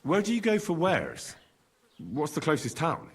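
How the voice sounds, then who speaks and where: An actor playing a polite young traveler asking questions in a video game. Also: male voice, on the high side, wildly swooping pitch, measured pace, husky, heavily acted. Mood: inquiring. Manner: polite, inquisitive.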